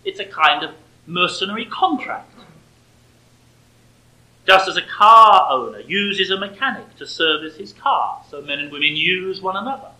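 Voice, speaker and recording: Male speaker, bright forceful tone, prepared sermon delivery with dry sarcastic edge. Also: high voice, lively intonation, normal speed, rough recording. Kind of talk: prepared sermon-style lecture.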